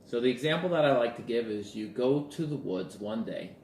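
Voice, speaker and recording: A man talks to his audience as a relationship coach in a relaxed, conversational way, and he slips into short acted-out lines of dialogue as he tells a story. His voice sits at an ordinary middle pitch. It echoes around the room, with faint ambience behind it. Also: brisk, slight background noise. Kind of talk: casual talk to camera.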